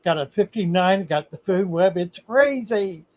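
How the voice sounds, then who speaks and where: Slow-talking older male stream host. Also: high voice, expressive, highs cut off. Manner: slow, halting, reads chat comments aloud. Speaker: livestream host answering viewer questions. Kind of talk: casual livestream chat.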